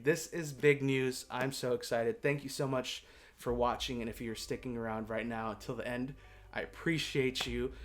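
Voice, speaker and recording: A man chatting straight to camera in a relaxed vlog sign-off, his voice sitting at an ordinary middle pitch. He rambles and gets excited, poking fun at himself between thank-yous. Faint instrument music plays softly underneath. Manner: excitable, rambling, self-mocking. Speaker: YouTube ukulele creator. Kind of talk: casual vlog outro. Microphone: desktop condenser mic.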